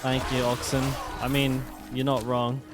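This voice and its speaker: A man's voice: medium pitch, completely flat delivery, measured pace, music in the background. A man casually commenting while he plays a game on stream, chatting with viewers and swearing now and then.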